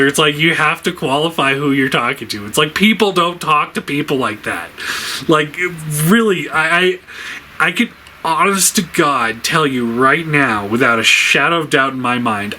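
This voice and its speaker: A man's voice: a little high, pushed and bright, slight background noise, poor audio. A man giving a casual spoken review, rambling with many fillers, laughing often, sounding exasperated.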